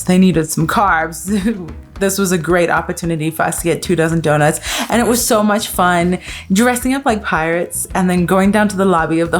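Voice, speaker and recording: A woman vlogging in a chatty, playful way, laughing often as she talks. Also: fairly low pitch. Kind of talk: casual vlog talk.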